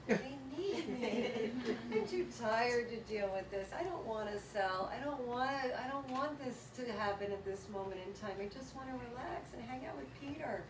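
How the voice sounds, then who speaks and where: Woman, workshop presenter, slightly high voice, chatty storytelling, echoey room, background noise. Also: normal speed, distant mic. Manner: lively, chatty storytelling with frequent laughter. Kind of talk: motivational workshop talk to a live audience. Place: event room with a seated audience.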